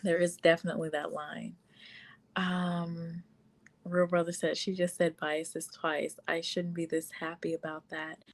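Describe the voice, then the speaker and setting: This livestream host, a woman, speaks in a fairly low, level voice at a slightly slow pace. Chatting casually and at length, she peppers her talk with fillers, laughs often, and reads viewers' comments out loud.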